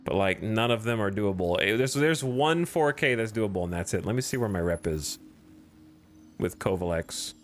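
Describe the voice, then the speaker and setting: A man's voice: fairly low pitch, lively intonation, moderate pace, soft background music. A man streaming a video game, chatting casually with sarcastic, exasperated self-talk. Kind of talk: casual gameplay commentary.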